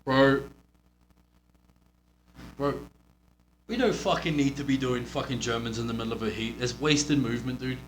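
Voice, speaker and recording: With a New Zealand accent, a man coaches a wrestler through a casual match review, blunt, profane and rambling. He speaks at a moderate pace in a medium pitch with long pauses, and the room sounds roomy with a faint hum.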